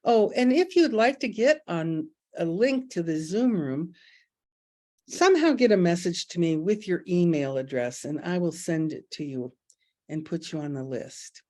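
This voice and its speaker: A middle-aged woman leading an online spiritual group over a video call, talking in a folksy, expressive way and calling listeners "honey.". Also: fairly low pitch, a little slow. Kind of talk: casual spiritual talk.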